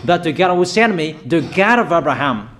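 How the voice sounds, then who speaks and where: Emphatic preaching man, fairly high voice. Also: animated, moderate pace, a bit bright. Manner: emphatic, repetitive, commanding; non-native phrasing with frequent hesitations. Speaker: self-proclaimed prophet preacher. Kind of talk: prophetic declaration sermon.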